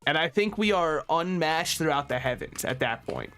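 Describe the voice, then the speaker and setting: Animated young male streamer, high-pitched. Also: faint music behind. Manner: animated ranting, quick asides, frequent laughter. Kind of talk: casual gaming stream chat.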